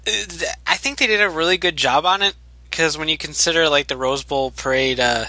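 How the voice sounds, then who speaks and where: A man's voice: fairly high pitch, brisk, bright, forceful tone, dry recording. A man co-hosting a podcast, chatting casually and rambling with fillers. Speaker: podcast co-host. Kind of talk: casual chat.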